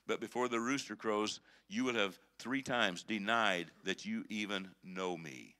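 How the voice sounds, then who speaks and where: A male preacher voicing Jesus as a calm, gently firm teacher, speaking measured and slightly lowered. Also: smooth. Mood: solemn.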